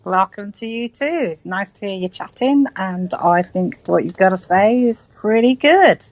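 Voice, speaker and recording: A woman's voice: mid-range voice, lively intonation, normal speed, darkish tone, dry recording, low-quality recording. A British woman with a West Country accent, a guest in a conversational interview, speaking earnestly and repeating points for stress. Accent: West Country English. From Britain.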